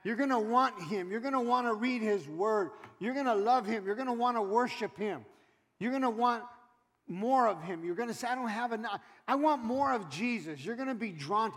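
A middle-aged man preaching a sermon as pastor, animated, swinging from loud exhortation to quiet asides. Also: high-pitched, normal speed. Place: church sanctuary. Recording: long hall reverb.

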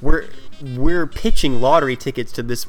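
A man's voice: mid-range voice, over music. A man co-hosting a podcast, recapping scenes from a TV episode in casual chat and briefly quoting the characters. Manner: recaps scenes, slipping in quick impressions of characters. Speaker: podcast co-host.

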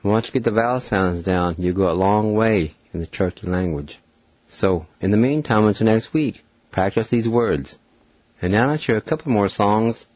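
A man hosting a radio language lesson, spelling out words letter by letter and sounding out each syllable slowly and deliberately. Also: lowish voice, a little mellow, no echo, muffled recording. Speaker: radio host teaching a language.

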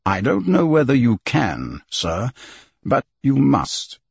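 A man playing a calm, resolute English gentleman who speaks in a measured, clipped way. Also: mid-range voice, creaky, husky, no room sound, dull audio, full character voice. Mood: firm.

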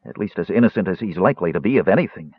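A man's voice: low-pitched, lively intonation, rapid-fire, husky, dry recording, exaggerated voice. A man voicing a nervous, meek cleric who stammers, on a tinny, dry recording. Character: nervous, meek middle-aged human cleric.

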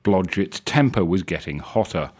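A man reading a comic story aloud on a live show in a wry, lively way. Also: sits low, normal speed, husky. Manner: lively, wry, self-correcting.

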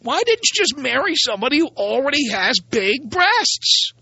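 A man's voice: very high voice, very animated, normal speed, gravelly, pushed and bright, dry recording, dull audio. A man hosting a radio talk show, delivering a blunt, sarcastic, opinionated monologue.

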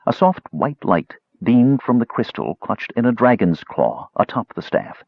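Low male narrator, husky tone with wide lively pitch, dull lo-fi dry sound. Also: unhurried, no echo. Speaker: audiobook narrator. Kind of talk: storybook narration.

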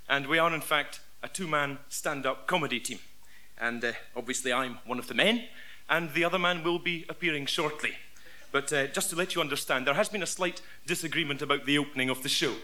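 Bright Scottish man, deadpan comic. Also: on the high side. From Scotland. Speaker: comedian. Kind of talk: radio sketch comedy.

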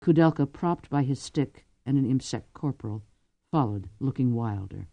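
A woman reads a novel aloud, her pitch rising and falling in animated swings. Her tone is mellow and warm, and the recording is dry and close. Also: normal speed, creaky, no room sound. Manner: expressive, lively storytelling. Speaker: audiobook narrator. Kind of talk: scripted narration.

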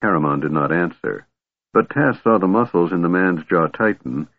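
A man narrates a fantasy novel in a steady, measured audiobook reading. His voice sits very low and husky. The recording is dry and thin, like a telephone line. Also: no echo. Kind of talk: scripted narration. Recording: tinny phone-like band, dry.

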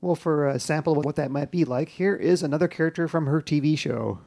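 A man hosting a television podcast, narrating in a measured, informative way. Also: fairly high pitch, gravelly, darkish tone. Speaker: podcast host. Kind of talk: scripted narration and chat.

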